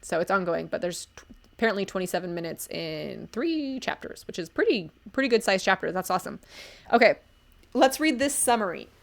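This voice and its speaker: A woman's voice: mid-range voice, expressive, brisk, vocal fry. A young woman reviewing stories live, talking casually and enthusiastically with lots of fillers and asides. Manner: gushing, enthusiastic, chatty with many fillers. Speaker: livestream book reviewer. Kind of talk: casual live-stream commentary.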